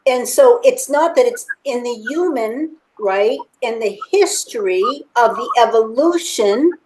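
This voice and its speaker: Woman explaining spiritual stuff to a church group, slow and deliberate, slightly high voice. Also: expressive, noisy background. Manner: slow, deliberate, repeats phrases. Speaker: spiritual teacher.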